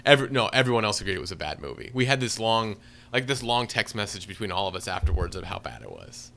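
A man's voice: on the low side, big pitch swings, quick pace, creaky, fairly bright tone, a little hiss or hum. A man co-hosting a podcast, giving a sarcastic, exaggerated movie review in casual chat. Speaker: podcast co-host.

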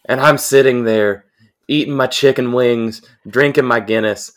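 With a mid-range voice and an unhurried pace, a young podcast co-host casually narrates a rowdy anecdote, cursing often and telling it with animation.

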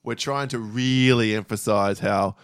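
A man's voice: lowish voice, unhurried, clear, resonant tone, no room sound. A man in his forties co-hosting a podcast, telling stories in a dry, understated way and acting out quotes. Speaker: podcast co-host. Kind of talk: casual storytelling chat.

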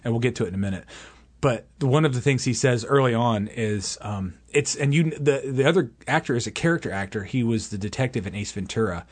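A man's voice: mid-range voice, animated, fairly quick, slightly rough. A man co-hosting a casual movie-review podcast, joking, rambling and laughing often. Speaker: podcast co-host.

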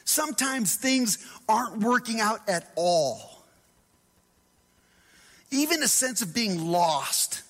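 A high-pitched man preaches with animated, dramatic delivery. He acts out the voices of scripture and sometimes drops to a hush. His voice rings with long reverb through a church hall. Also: slow pace, pauses often. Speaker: pastor. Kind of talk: sermon.

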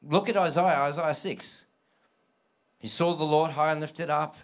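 A man preaching a sermon to a live congregation, animated, acting out scripture dialogue and prompting listeners with call-and-response. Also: a little high, a little slow. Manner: acts out quoted dialogue in scripture.

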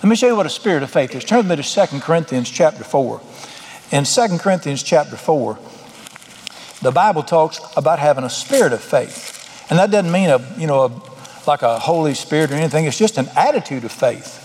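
A man's voice: on the high side, animated, brisk, darkish tone, slight background noise. A middle-aged man preaching a sermon as pastor, folksy, with emphatic bursts. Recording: long hall reverb.

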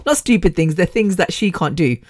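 A woman's voice: lowish voice, lively intonation, fairly quick, darkish tone, dry recording, clean studio sound. A woman hosting a podcast, talking in a casual rambling monologue, laughing often and losing her train of thought. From United Kingdom. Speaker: podcast host.

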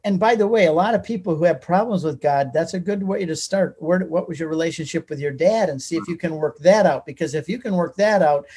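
A man telling his life story as an interview guest, animated and talkative. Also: fairly high pitch, husky. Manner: animated and talkative, reciting from memory. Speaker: guest author. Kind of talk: personal storytelling in a conversation.

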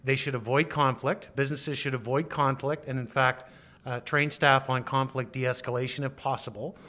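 A male lawyer explaining rules in an interview, speaking in a measured, precise and formal way. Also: medium pitch, steady tone, pushed and bright. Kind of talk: expert interview.

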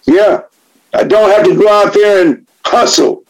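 Blunt, profane man, high and unhurried. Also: low-quality recording. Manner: blunt, profane, impassioned, preachy. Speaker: recovering alcoholic sharing at a meeting. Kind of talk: spoken share.

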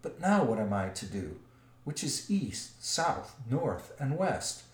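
A man's voice: mid-range voice, big pitch swings, takes it slowly. A man voicing a timid small male hobbit burglar, speaking in a fretful, anxious way. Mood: miserable. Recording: roomy echo.

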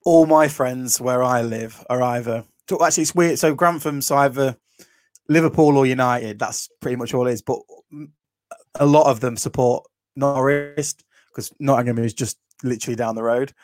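A man in his thirties hosting a casual chat, relaxed and a bit hesitant, telling stories with fillers. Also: mid-range voice, moderate pace, dry recording.

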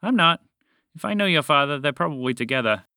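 A man's voice: on the high side, expressive, brisk, sharp tone, no echo, studio quality. Man doing breezy, knowing mother Dorothy. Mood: confident. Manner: chuckling, breezy, playfully vague.

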